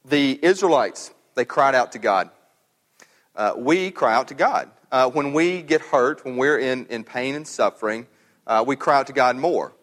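A man's voice: mid-range voice, lively intonation, normal speed, a bit bright. A man preaching a sermon as pastor, in a conversational way, often repeating words as he thinks aloud. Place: church sanctuary. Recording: long hall reverb.

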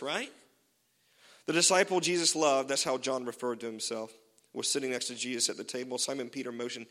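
A man's voice: mid-range voice, brisk, fairly bright tone, big-room sound. A man preaching a sermon as pastor, casual and joking, with many fillers.

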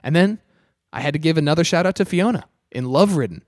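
A man co-hosting a podcast, trading crude jokes in a mid-pitched voice with a lively, varied delivery. He swears often, and the recording is dry and close. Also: fast, dry recording. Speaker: podcast co-host. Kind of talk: casual chat, reading lyrics aloud.

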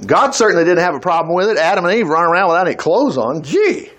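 A man's voice: high voice, sing-song, quick pace, fairly bright tone. A man teaching the Bible in a chatty, folksy way, breaking into exclaiming asides. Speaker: preacher.

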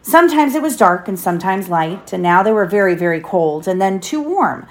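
A woman's voice: medium pitch, big pitch swings, a little fast. A woman reading a children's storybook aloud to her child, lifting her voice for the characters' lines.

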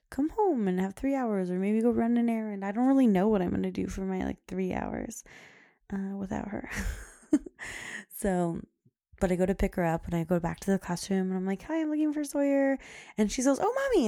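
Chatty young mom with a gravelly voice. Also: female voice, mid-range voice, warm tone, no room sound, studio quality. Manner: chatty, heavy use of "like", laughs often. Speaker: podcast host. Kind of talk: casual storytelling monologue.

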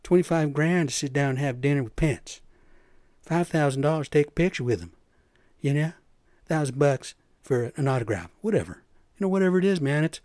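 A construction superintendent from the US Pacific Northwest hosts a podcast, ranting casually and peppering his talk with "man" and "you know." His mid-range voice is brisk and a little mellow, recorded dry with clean studio sound.

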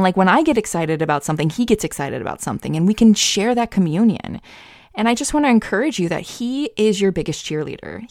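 A woman's voice: on the low side, creaky, no room sound, clean studio sound. A woman hosting a casual Christian encouragement talk, speaking in a candid, chatty and emphatic way. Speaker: host.

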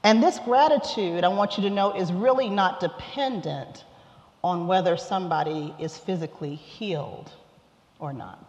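A lay preacher reading scripture and giving a sermon in a church sanctuary, with a measured, deliberate delivery. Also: medium pitch. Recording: echoey hall, dull sound.

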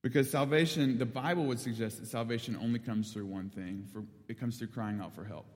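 A young man giving a sermon, telling a story with lively acted-out quotes before turning to scripture. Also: medium pitch. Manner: animated storyteller, acts out quotes. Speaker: preacher. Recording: long reverb of a big hall.

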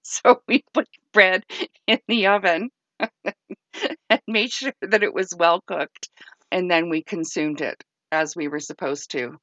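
Low-voiced woman telling candid stories. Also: unhurried, fairly bright tone, no echo, dull audio. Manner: candid, self-deprecating, laughs often. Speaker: podcast host, former clergy. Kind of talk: casual storytelling monologue.

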